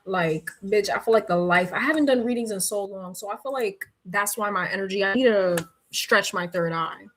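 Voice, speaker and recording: A woman's voice: mid-range voice, a bit bright, slight background noise. A young woman chatting casually on a livestream as a reader, sleepy and tired, blunt and profane, laughing often. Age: young adult.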